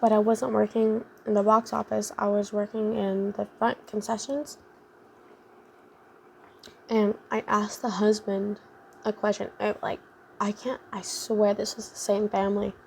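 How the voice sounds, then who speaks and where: Gravelly-voiced young woman rambling through a story. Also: mid-range voice, flat delivery, unhurried, a little mellow, slight background noise. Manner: rambling, full of fillers like "like" and "um". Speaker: vlogger. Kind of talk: casual storytime chat.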